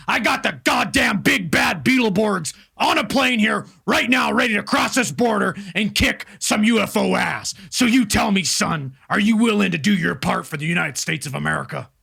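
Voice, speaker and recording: A brash American official bellows threats and curses down the line, as a man acts him out. His voice is high, bright and very gravelly, with a husky grain. His pitch swings widely as he rants. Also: lively intonation, moderate pace, hardly any pauses, exaggerated voice. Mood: bullying. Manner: bellowing, swearing, bullying. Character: hot-headed cursing male American official named Jim.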